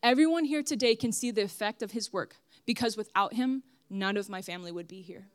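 A woman's voice: medium pitch, a little fast, no room sound. A young woman giving a personal testimony sermon at church, earnest and emphatic as she speaks straight to the congregation.

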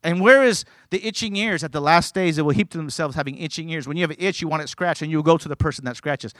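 Male preacher, high voice, earnest and emphatic, stumbles into chatty asides, close and dry. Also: fast talker, hardly any pauses, fairly bright tone, no room sound. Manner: earnest, emphatic preaching, reading scripture aloud; conversational asides with stumbles and repeats. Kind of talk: sermon.

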